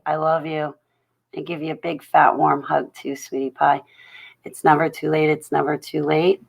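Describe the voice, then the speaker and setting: A woman's voice: deep voice, creaky, low-quality recording. A woman hosting a casual livestream from home, greeting her chat viewers one by one with affection. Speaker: livestream host. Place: at home at night.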